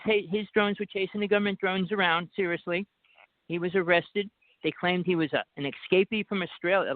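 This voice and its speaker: A man's voice: fairly high pitch, no room sound. Insistent New Jersey man over the phone. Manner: rambling, insistent, talks over others. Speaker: guest caller. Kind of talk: casual talk show chat. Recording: dry tinny phone line.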